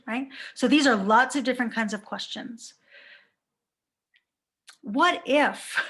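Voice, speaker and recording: Slow-talking woman life coach. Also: mid-range voice, a bit bright, breathy edge. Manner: reflective, asks many rhetorical questions. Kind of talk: live coaching talk to viewers.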